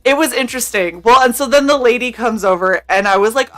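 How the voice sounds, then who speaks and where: A woman's voice: a little high, fast talker, a bit bright, soft background music. A young woman telling a story on a live stream in casual chat. She talks animatedly, laughs often, swears freely and acts out what people said. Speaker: streamer co-host.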